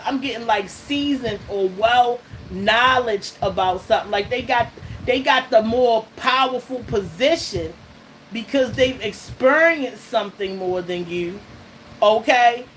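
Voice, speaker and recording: A woman pitched a little high reads tarot cards for viewers on her channel, keeping things emphatic and casual. She laughs between lines and keeps asking "okay?" or "all right?" The audio carries steady background noise.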